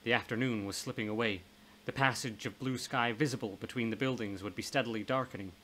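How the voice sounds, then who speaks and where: A man narrating a horror novel in a steady, measured reading voice. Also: mid-range voice, a little hiss or hum, rough recording. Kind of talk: audiobook reading of horror fiction.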